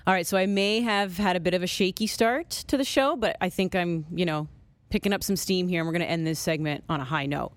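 A woman hosting a sports radio talk show, telling stories in a chatty, animated way. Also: fairly low pitch, fairly quick, no room sound.

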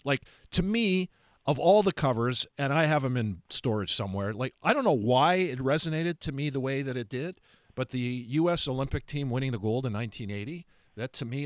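Radio host guy, lively voice going up and down, dry studio sound, chatty rambling questions. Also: medium pitch, no room sound. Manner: conversational, rambling questions with restarts. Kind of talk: radio interview.

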